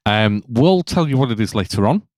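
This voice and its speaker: A man's voice: mid-range voice, animated, a little fast, a little mellow, no room sound. A man co-hosting a casual podcast chat, explaining things in a chatty way. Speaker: podcast co-host.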